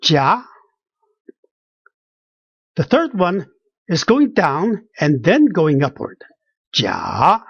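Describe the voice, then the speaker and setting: Slow, dry-voiced pronunciation teacher. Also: medium pitch, darkish tone, husky, no echo. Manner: repeats each sound slowly, many restarts. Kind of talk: pronunciation lesson with spoken examples. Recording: dull lo-fi dry recording.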